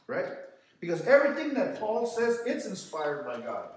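A man's voice: high voice, huge pitch swings, normal speed. A man teaching a youth Sunday class in a church, preaching with repeated rhetorical questions and frequent restarts. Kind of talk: sermon-style Bible lesson. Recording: very echoey church hall, voice from a distance.

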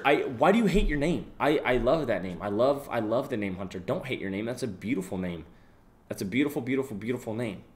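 A young man live-streaming, casually reading out donations and thanking viewers, swearing freely and yelling when a game goes wrong. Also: on the low side. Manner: excitable, swears freely, yells during gameplay. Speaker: livestreamer.

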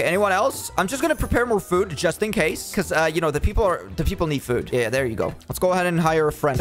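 A man giving casual, excitable game commentary as he plays, joking and talking to the characters on screen. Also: on the high side. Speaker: gaming YouTuber.

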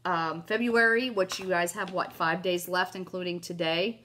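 A woman's voice: lowish voice, fairly even intonation, normal speed, pushed and bright. A chatty woman walks viewers through a craft project in an upbeat, gushing way. She keeps turning to her audience as she works, and a cough catches her now and then. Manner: gushing, chatty, keeps saying "you guys" and "oh my gosh". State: has a cough. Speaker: craft video host. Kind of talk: casual crafting tutorial.

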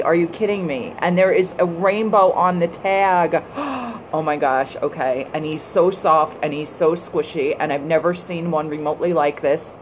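Low-voiced woman gushing over a gift. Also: slight background noise, low-quality recording. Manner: gushing, excitable, squeals with delight. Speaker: vlogger. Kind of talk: gift unboxing vlog.

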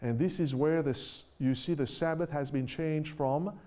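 A man preaching a sermon who stresses his points, asks his listeners rhetorical questions and reads scripture aloud slowly. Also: a little high, warm tone.

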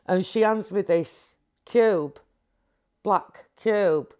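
A woman's voice: on the low side, measured pace. Candid woman telling a story. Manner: rambling, animated, many restarts and asides. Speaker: interviewee.

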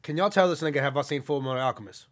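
A young man from New York, streaming live and loudly calling out donors in heavy street slang. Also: fairly high pitch, very fast. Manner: loud, hyped shout-outs to donors in heavy street slang. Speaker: livestreamer. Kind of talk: casual livestream chat reading out donations.

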